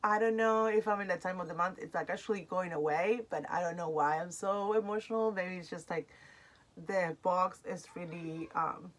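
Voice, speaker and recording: A woman's voice: fairly low pitch, normal speed. A woman, chatting emotionally while unboxing and reading product cards aloud. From Argentina. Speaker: unboxing vlogger. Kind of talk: casual unboxing chat.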